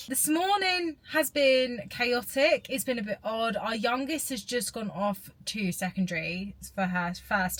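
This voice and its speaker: A woman's voice: fairly high pitch, a bit bright, low-quality recording. A woman, talking candidly and emotionally to camera in a casual vlog. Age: 30s. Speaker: vlogger. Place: in a parked car and at the gym.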